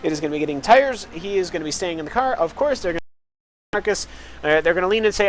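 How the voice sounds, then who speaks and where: A man's voice: sits high, animated, fast talker. A man giving live sim racing analysis on a headset mic, rambling with lots of uhs. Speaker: race commentator. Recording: noisy broadcast audio.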